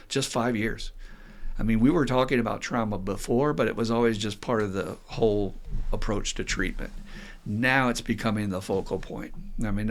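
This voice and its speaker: A middle-aged man, hosting a podcast as an addiction counselor and telling stories in a lively way. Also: lowish voice. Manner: lively storyteller who acts out quotes with laughs. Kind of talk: casual podcast monologue.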